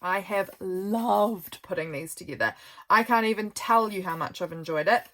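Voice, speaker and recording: A woman's voice: medium pitch, moderate pace. Chatty tired New woman. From New Zealand. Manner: chatty, gushing, softly rambling. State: tired, yawning. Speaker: journal maker. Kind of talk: casual craft show-and-tell.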